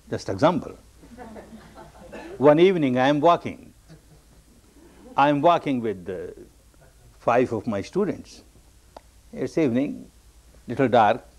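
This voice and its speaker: A man giving an evening meditation discourse as a teacher, telling a story slowly in simple, repeated phrases. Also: mid-range voice, darkish tone.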